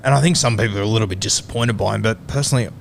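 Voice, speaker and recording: A man co-hosting a casual sports podcast, quick and agreeable in conversation. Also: fairly low pitch, vocal fry, a little hiss or hum. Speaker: podcast co-host.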